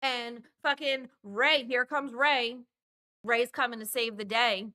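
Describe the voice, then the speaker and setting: This podcast host's voice is on the high side, and she takes her time. She gives an animated retelling of a movie's plot for a casual review chat, voicing the characters and cursing liberally.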